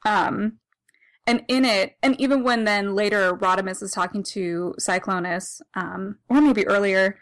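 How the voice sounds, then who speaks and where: A woman's voice: medium pitch, unhurried, a bit bright. A woman co-hosting a podcast in casual chat, rambling, laughing often and correcting herself as she goes. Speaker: podcast co-host. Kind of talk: casual comic discussion.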